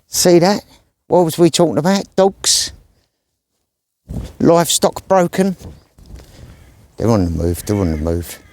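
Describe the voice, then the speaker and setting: A man's voice: mid-range voice, darkish tone, slight background noise. A man chatting casually and rambling in slang while filming himself on an outdoor country walk. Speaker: vlogger. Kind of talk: casual outdoor vlog chat.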